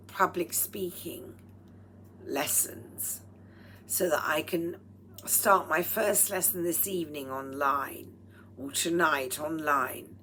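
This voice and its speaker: A woman vlogging at home with a throaty, strained voice, speaking in a slow, deliberate and slightly formal way and often dropping into breathy whispered asides. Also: sits low, fairly bright tone, slight background noise. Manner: proper, slightly formal phrasing. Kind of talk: rambling personal vlog monologue. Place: at home while cooking. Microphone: speaking into a microphone.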